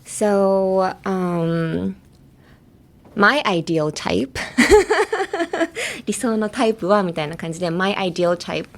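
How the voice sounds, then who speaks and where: A woman talking casually in a bilingual English lesson on a podcast, chatty and quick to laugh, slipping between English and Japanese. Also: fairly low pitch, steady tone.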